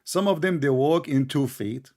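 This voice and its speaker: A man debating on a live show, sarcastic and pushy, who drags out his points when he repeats them. His English is non-native and his voice sits a little high. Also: moderate pace, a little mellow.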